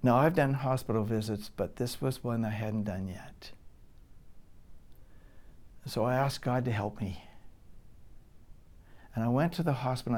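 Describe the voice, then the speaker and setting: Male pastor, middle-aged, sermon delivery, dynamic, loud peaks and hushed asides. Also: mid-range voice. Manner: dynamic preaching, swings from loud emphasis to hushed whispers.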